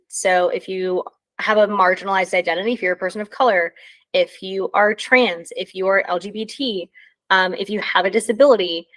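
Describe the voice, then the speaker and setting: A woman talking at an everyday middle pitch in a loose, conversational way. She leans on many ums and likes and yawns now and then as she explains. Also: a bit bright. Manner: yawning. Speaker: presenter. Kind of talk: casual talk.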